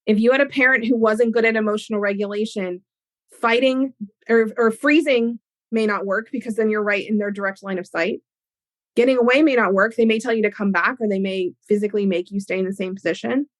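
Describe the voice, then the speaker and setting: A woman hosting an educational podcast, explaining ideas in an animated way with everyday examples. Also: mid-range voice, fairly quick, no echo. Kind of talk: teaching talk on a podcast.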